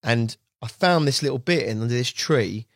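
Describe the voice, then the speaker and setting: A man's voice: medium pitch, lively intonation, measured pace, no echo, studio quality. A man telling a long rambling story as a guest, casual and chatty, often quoting what others said. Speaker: guest angler.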